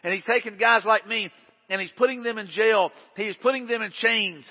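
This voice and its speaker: A man's voice: high voice, normal speed, voice pushed up. A man voicing a nervous, doubting male believer who pleads and protests, with a dull, echoing sound. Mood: worried, protesting. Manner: pleading, incredulous. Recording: dull lo-fi sound with long hall reverb.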